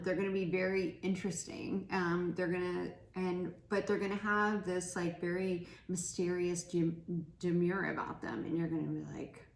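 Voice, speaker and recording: A woman giving a casual pick-a-card tarot reading, chatty and giggly, laughing often. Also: lowish voice. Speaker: tarot reader. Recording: echoey room with faint noise.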